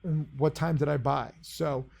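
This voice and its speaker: Brash guy teaching trading in a casual video lesson, high voice with lots of gravel, kinda boastful. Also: steady tone, unhurried, darkish tone.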